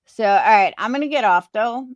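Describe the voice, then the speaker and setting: A woman's voice: a little high, animated, moderate pace, no room sound, highs cut off. A woman live streamer chatting casually with her viewers, opinionated and rambling, restarting her sentences.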